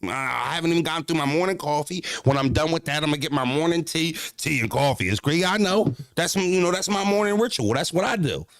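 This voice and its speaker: Animated streamer man, dry close mic. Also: fairly high pitch, fast, hardly any pauses, dry recording. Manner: animated, profane street slang, talks back to chat. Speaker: streamer reacting to chat. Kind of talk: casual livestream talk.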